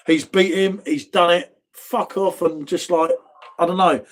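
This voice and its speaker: A high-pitched, slightly slow male voice with fairly even intonation belongs to a middle-aged live stream pub host from England. With a southern accent from near London, he's chatty and relaxed, reading out viewer comments and using "mate" a lot.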